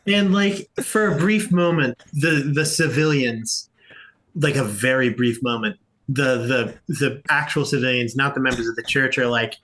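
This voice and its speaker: A man's voice: mid-range voice, steady tone, measured pace, a bit bright. A man running a tabletop game as game master, narrating with loose, rambling phrasing and frequent restarts and laughter.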